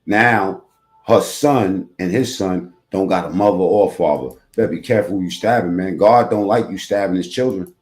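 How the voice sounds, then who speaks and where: A man's voice: sits low, moderate pace. A man hosting a reaction video, rambling in casual streetwise slang with plenty of profanity.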